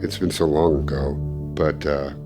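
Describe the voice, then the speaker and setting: Older man with a very deep voice. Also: moderate pace, over music. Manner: animated storytelling, acting out quoted speech. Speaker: interviewee, former ministry student. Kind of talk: recounted personal story.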